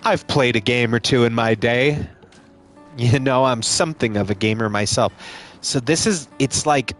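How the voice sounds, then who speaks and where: A man's voice: mid-range voice, moderate pace, a bit bright. A man casually commenting on a game he streams live, joking and swearing, with game music behind.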